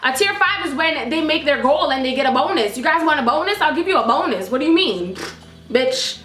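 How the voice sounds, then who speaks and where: A woman's voice: high-pitched, lively intonation, fairly quick. A young woman telling a storytime vlog in a blunt, sassy, profane ranting manner, in an echoey room with faint music. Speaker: YouTuber.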